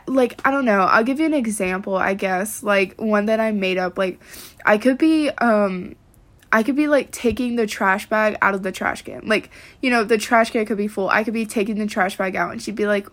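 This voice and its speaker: A woman ranting casually to the camera, exasperated and swearing freely, with lots of "like" fillers. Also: medium pitch. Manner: profane, exasperated, many "like" fillers. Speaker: vlogger.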